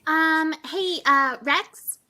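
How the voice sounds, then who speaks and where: Bubbly high-voiced woman, rambling. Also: extremely slow, pushed and bright. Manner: bubbly, rambling with many fillers. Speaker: player. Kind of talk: playing a tabletop role-playing game in character.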